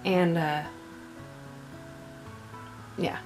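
A woman vlogging casually to camera with a just-woke-up morning voice, speaking softly and sometimes dropping to a whisper. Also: lowish voice, fairly even intonation, very slow. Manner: soft and hushed, dropping to a whisper at times. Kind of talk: casual vlog talk to camera. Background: music playing.

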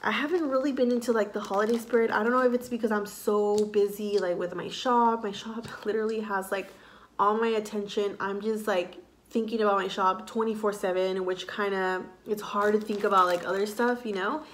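A woman's voice: mid-range voice, steady tone, fairly quick, a little hiss or hum. A young woman and mother talking casually and emotionally to her vlog audience, rambling with lots of fillers. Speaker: vlogger, mother.

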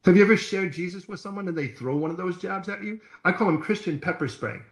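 Storytelling pastor preaching in an echoey hall. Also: male voice, sits high, fast. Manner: storytelling preacher, acts out quoted voices. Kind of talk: sermon. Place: church hall.

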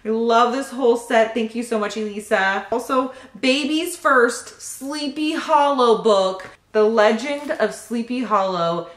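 A young pregnant woman chats through a casual unboxing vlog, gushing over every little gift and thanking each sender in turn. Her voice sits at a middle pitch and bounces around a noticeably echoey room. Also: a bit bright. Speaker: vlogger opening baby gifts.

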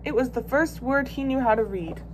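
A woman volunteer reading a children's picture book aloud with expressive, lively storytelling. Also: sits high, moderate pace, a little hiss or hum. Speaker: volunteer reader.

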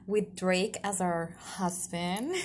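A young woman vlogger talks in a relaxed, chatty way, bursting into giggles and excited gushing. Her voice sits a little low for a woman. A faint ambient hiss runs under the recording. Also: slow. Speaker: gameplay vlogger. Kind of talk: casual chat.

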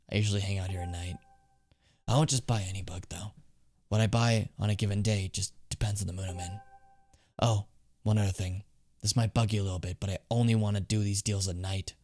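A man voicing a shy, eager young man obsessed with collecting bugs, reading game dialogue aloud in a low, confiding tone. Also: fairly even intonation, fairly quick, a little mellow, soft background music, natural voice.

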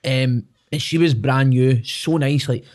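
A young Scottish man in his twenties with a Glaswegian accent, appearing as a podcast guest and singer, speaks at a medium pitch, a little slowly and a little mellow. He tells stories in casual chat, swears freely, acts out what people said, and keeps asking "do you know what I mean".

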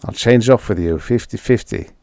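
A man's voice: fairly low pitch, moderate pace, gravelly, a little mellow, no echo, clean studio sound. A man voicing a glib young TV producer who talks in an airy, wisecracking way. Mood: breezy.

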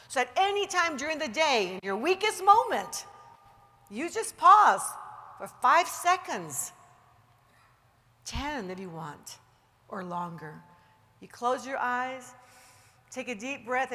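A woman giving a motivational seminar talk to an audience, emphatic and rallying, easing into a slow guided relaxation. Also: on the high side, fairly bright tone. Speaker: motivational speaker. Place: large seminar hall. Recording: reverberant hall recording.

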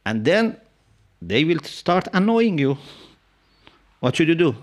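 A man's voice: a little high, big pitch swings, slow. Man giving a religious talk, English. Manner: explanatory storytelling with Arabic quotations; frequent "yeah?" and "you know" to check in with listeners. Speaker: Islamic scholar and lecturer. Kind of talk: religious lecture. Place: mosque hall with a live audience.

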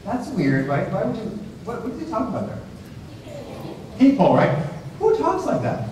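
A male professor leading a class discussion, animated and full of restarts and questions to the students. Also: sits high, moderate pace, slight background noise. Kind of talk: discussion-led class talk. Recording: echoey hall heard from a distance.

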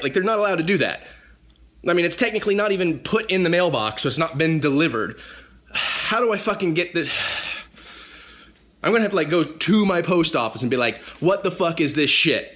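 A young man chatting casually to the camera in a weekly vlog, animated and quick to swear when annoyed. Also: fairly high pitch. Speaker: vlogger.

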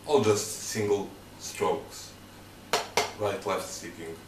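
Slow-talking man teaching drum sticking. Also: lowish voice, slight background noise. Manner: counts beats aloud, loose non-native phrasing. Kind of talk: instructional demonstration. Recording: echoey room, mic at a distance, loud clatter.

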